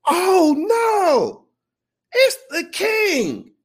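A man voicing a starstruck woman fan who squeals in high exclamations. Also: huge pitch swings, very slow, exaggerated voice. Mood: shrieking excitement.

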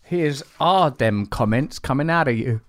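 A man's voice: medium pitch, expressive, measured pace, dry recording, clean studio sound. A man hosting a podcast, talking in a playful, rambling way full of jokey asides. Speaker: podcast host. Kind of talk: casual chat.

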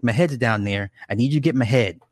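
A man's voice: medium pitch, fairly quick, a little mellow, no echo, clean studio sound, lightly acted. A man voicing a demanding, headless female spirit in a blunt, casual way.

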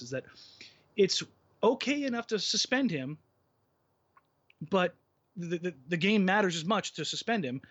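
A man's voice: on the high side, fairly bright tone, slightly rough. A man co-hosting a casual basketball podcast, opinionated and rambling, often restarting his sentences. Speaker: podcast co-host. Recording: muffled lo-fi podcast audio.

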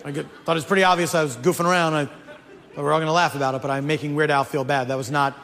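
A man, a comedian, telling a comic story in an animated way. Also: fairly high pitch, racing, in a large hall, a crowd in the background, background noise. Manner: animated, building to mock-outraged shouts.

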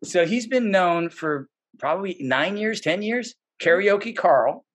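A man with a high-pitched voice speaks at an unhurried pace as a podcast guest. He rambles casually through his stories, full of fillers and restarts, and gets animated whenever he quotes someone.

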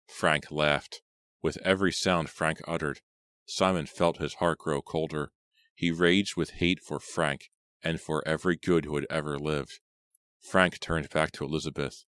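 A man narrating a horror audiobook in a steady, measured reading style. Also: very deep voice, no room sound, studio quality.

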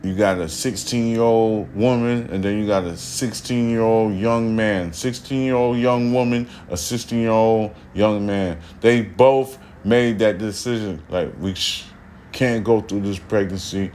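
A low-pitched man on his podcast, talking slowly and a little slurred as if tipsy. He rants in a loose, profane way and drags out his words. His voice jumps up sharply when he gets heated. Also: slight background noise. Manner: loud swearing rants, slurred speech. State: slightly drunk. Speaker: podcast host. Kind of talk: casual ranting commentary. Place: studio room behind glass.

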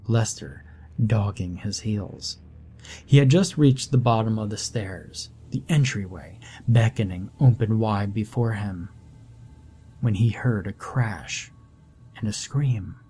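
A man narrating a scripted horror story in a measured, deliberate way. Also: on the low side, dark tone, slightly rough.

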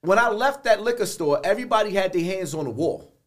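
A man's voice: sits high, lively intonation, fast. An older man, a podcast guest talking bluntly in street slang with many restarts. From the Bronx, New York. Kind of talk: podcast interview.

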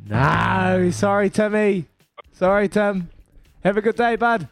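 Upbeat New Zealand radio host, dry studio. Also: male voice, high voice, creaky, dry recording, faint music behind. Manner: brisk and matey, counting down loudly. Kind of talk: upbeat radio quiz hosting. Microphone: studio microphone.

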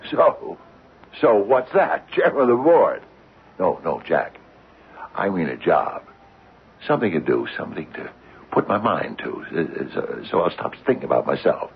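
An actor playing an anxious, aging widowed businessman in a radio drama, stammering and halting as he speaks. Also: sits low, sing-song, gravelly, breathy edge, full character voice. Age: older. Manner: stammering, halting, repeats words. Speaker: father and retired company founder. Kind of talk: 1950s radio drama acting. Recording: narrow phone-like old radio recording.

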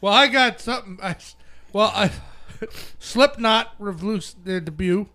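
A man's voice: high voice, unhurried, sharp tone. A man co-hosting a casual music chat, rambling and joking as he talks.

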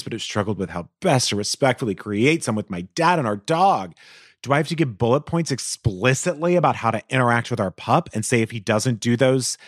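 A man hosting an advice podcast, reading a listener's letter aloud with animated, expressive delivery and the odd aside. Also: medium pitch, no echo, studio quality.

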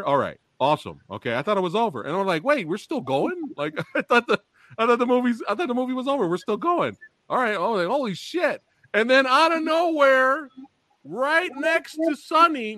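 A man hosting a podcast interview, telling a story in an animated, excitable way, swearing freely. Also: high-pitched, no echo, studio quality. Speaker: podcast host.

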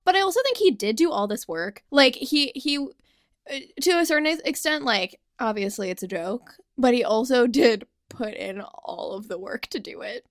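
A woman producing and chatting on a casual podcast, animated and quick to laugh. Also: fairly high pitch, dry recording, studio quality.

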